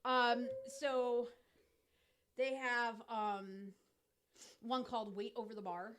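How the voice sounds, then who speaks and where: Halting, explaining woman podcast host. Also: fairly high pitch, little pitch movement, background noise. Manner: explains at length, halting with many fillers. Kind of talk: casual chat.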